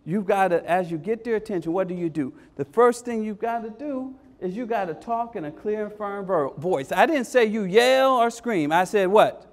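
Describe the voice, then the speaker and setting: Male workshop speaker, strikingly high voice, preacherly call-and-response, hammers repeated lines. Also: animated, moderate pace, hardly any pauses. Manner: call-and-response, repeats phrases, keeps asking "Hello?". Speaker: education speaker leading a parent workshop. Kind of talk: energetic motivational workshop talk.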